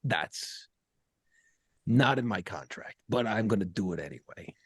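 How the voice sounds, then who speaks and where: A man co-hosting a podcast, telling a profane, animated story in casual banter and acting out other people's voices. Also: on the low side, unhurried, husky, no room sound, clean studio sound. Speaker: podcast co-host and radio program director.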